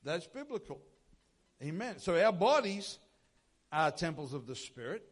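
High-voiced pastor preaching. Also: male voice, very animated, measured pace, husky. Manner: emphatic, with rhetorical questions and repeated phrases. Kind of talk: sermon.

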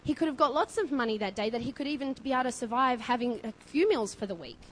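A woman preaching a sermon, impassioned and building to loud emphasis. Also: fairly high pitch, lively intonation, quick pace, low-quality recording.

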